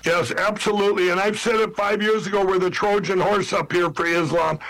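A man's voice: sits high, steady tone, brisk, a bit bright, poor audio. A man from Minnesota talking as a political candidate in an interview, rambling with frequent restarts and often calling out to everybody listening. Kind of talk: interview talk.

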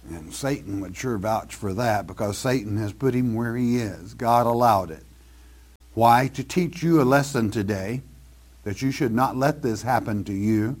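A man's voice: lowish voice, unhurried, darkish tone. A man preaching verse by verse, explaining scripture with emphatic, folksy asides. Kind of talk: verse-by-verse Bible teaching.

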